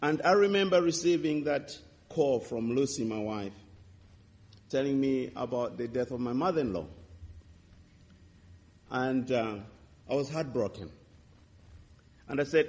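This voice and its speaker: A man preaching a sermon, telling a testimony with impassioned swings between loud and hushed delivery. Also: medium pitch, a little slow, long pauses. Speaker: pastor. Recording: reverberant hall.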